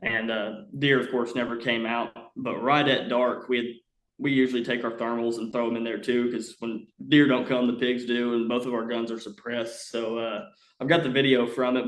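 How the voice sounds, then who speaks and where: A young man rambles through a story in a casual, animated way, with plenty of "uh" fillers. His voice sits at an ordinary pitch and rings out in a roomy, echoey space. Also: fairly quick. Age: young adult. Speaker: podcast guest. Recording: roomy echo.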